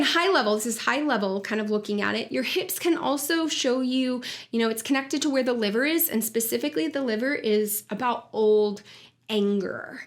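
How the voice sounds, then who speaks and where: A woman hosting a wellness podcast, explaining in an earnest, conversational way with fillers and restarts. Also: on the high side. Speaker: podcast host and wellness coach. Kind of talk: casual explanatory monologue.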